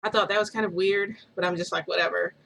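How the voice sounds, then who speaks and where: A woman's voice: fairly low pitch, fairly even intonation, fast, creaky, fairly bright tone, poor audio. Rambling woman telling a story. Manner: rambling, full of "like" fillers. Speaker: vlogger. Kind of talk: casual first-person storytelling.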